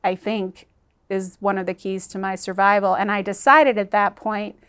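A woman's voice: medium pitch, little pitch movement, fairly bright tone, clear, resonant tone. Earnest woman telling a painful story. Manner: earnest and emotional, halting at times. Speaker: interview guest. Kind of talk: emotional personal storytelling in an interview.

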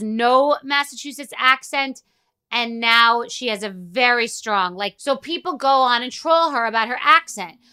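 A woman's voice: a little high, pushed and bright, clean tone. A woman hosting her own podcast, talking in a blunt, profane, rambling monologue full of asides. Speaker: podcast host. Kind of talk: casual monologue.

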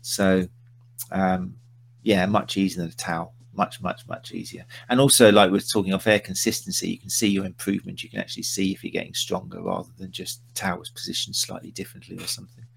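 A man's voice: low-pitched, little pitch movement, quick pace, vocal fry, slight background noise. A man hosting a casual live-stream chat, teasing and rambling with his guest. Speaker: podcast host.

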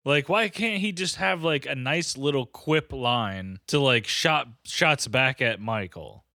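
A man's voice: mid-range voice, expressive, takes it slowly, bright, forceful tone, dry recording, clean studio sound. A young man co-hosting a casual movie-review chat, blunt and dismissive, swearing often. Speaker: podcast co-host.

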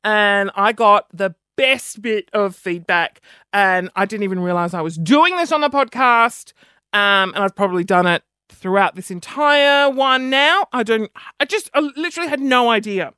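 A man's voice: high voice, expressive, bright, forceful tone, clear, resonant tone, no echo. Male podcast host, solo chat, rambling and self-deprecating, sniffs between lines, dry close mic. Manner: rambling, self-mocking, quick asides; audible sniffing between phrases.

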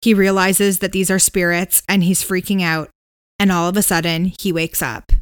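This woman's voice is on the low side and smooth, moving at a moderate pace as she co-hosts a podcast. She relaxedly retells a ghost story, hedging and dropping in "um"s and "like"s, in clean studio sound with no room sound.

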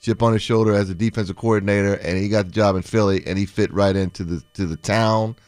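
A man, a former pro football player, co-hosting a casual sports talk show and explaining his points in a steady, conversational way. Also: lowish voice, fast talker, no echo.

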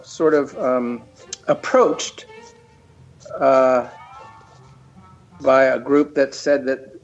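A man's voice: medium pitch, a little mellow, lo-fi sound. Rambling man, guest on a chat show. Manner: rambling, many restarts. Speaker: guest, cartoon creator. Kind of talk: casual interview chat.

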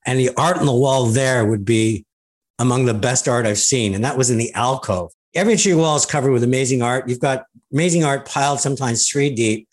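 A man's voice: mid-range voice, fairly quick. A man hosting a radio interview, asking conversational, admiring questions. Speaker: radio show host.

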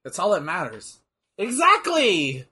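A young man casually chatting and joking while watching a wrestling match, loud and excitable. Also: a little high, normal speed, crowd noise. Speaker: co-host.

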